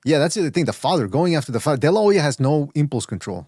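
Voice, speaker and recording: Fast-talking male podcast host. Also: on the high side, big pitch swings, darkish tone, no echo, clean studio sound. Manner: rambling, quick, many restarts. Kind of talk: casual podcast chat.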